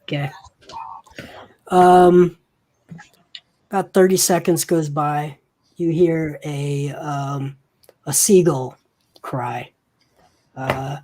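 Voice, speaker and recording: A game master narrates a tabletop scene at an unhurried, deliberate pace. The speech is full of pauses and fillers as the scene is worked out aloud, and the pitch sits in a middle range. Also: flat delivery, mellow. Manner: hesitant, many fillers, slow and searching.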